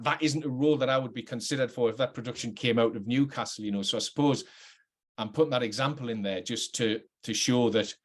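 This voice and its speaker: A middle-aged man with a working-class Geordie accent, an actor reflecting earnestly and hesitantly on his career, often restarting his sentences. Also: medium pitch. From North East England. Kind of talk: reflective talk to camera.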